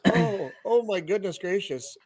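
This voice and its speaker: A man's voice: sits high, lively intonation, unhurried, a little mellow. An American man hosting a casual video-call panel chat, giggling and incredulous as he reads out odd slang.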